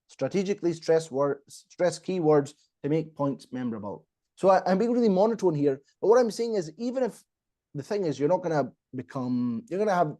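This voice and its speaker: A man coaching on public speaking in a podcast, emphatic, pausing for effect and often repeating himself. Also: a little high, mellow. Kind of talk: instructive podcast talk.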